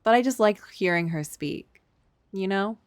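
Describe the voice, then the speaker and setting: A woman's voice: mid-range voice, lively intonation, a little slow, no echo. A woman streaming a game, chatting casually and joking with frequent giggles. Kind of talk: casual live-stream commentary. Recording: game music behind.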